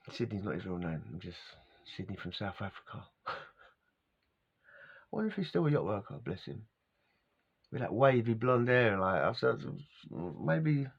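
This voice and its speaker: A man's voice: fairly low pitch, gravelly, husky. A man telling a story in a rambling, slangy way, often chuckling as he talks. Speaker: vlogger telling a life story. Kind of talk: casual storytelling monologue. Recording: dull lo-fi sound.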